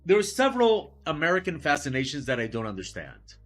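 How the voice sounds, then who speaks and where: A man's voice: fairly high pitch, huge pitch swings, fast talker, a bit bright, faint music behind. A man who teaches, chatting casually and with incredulity during a live art stream, rambling and swearing now and then.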